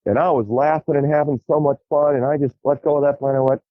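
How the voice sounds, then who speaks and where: A middle-aged man telling wild stories as a podcast guest, animated and profane, laughing as he goes. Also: a little high, quick pace, no room sound. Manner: lively, profane, laughs through his stories. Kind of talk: animated storytelling. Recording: tinny phone-like line.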